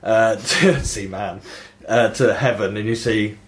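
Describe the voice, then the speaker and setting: A man's voice: lowish voice, a little slow. Laughing man retelling a game. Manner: animated storytelling, swearing and laughing often. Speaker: podcast host. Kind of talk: casual podcast chat about video games.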